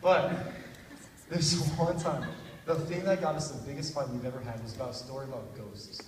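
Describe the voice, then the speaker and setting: A man's voice: mid-range voice, fairly even intonation, a little fast, a little mellow, distant mic, slight background noise. Young man doing rambling stand-up in an echoey hall. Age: young adult. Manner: rambling, storytelling, laughs at own jokes. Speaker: stand-up comedian. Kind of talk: stand-up comedy. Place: hall at a talent show.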